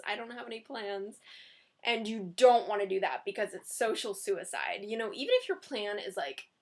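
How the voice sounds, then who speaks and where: A young woman giving dating advice in a casual, chatty vlog, often giggling and reading out sample text messages. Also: mid-range voice.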